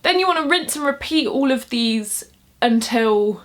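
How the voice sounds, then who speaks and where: In a relaxed tutorial, a young woman describes how she goes about writing sonnets, her high-pitched voice full of lively intonation at a measured pace. She's upbeat and conversational, slipping in laughs between ideas.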